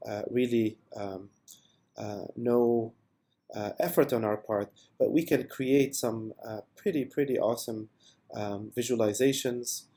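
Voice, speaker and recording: A man presenting a software product demo in an unscripted voice-over, enthusiastic and with many fillers. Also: mid-range voice, unhurried.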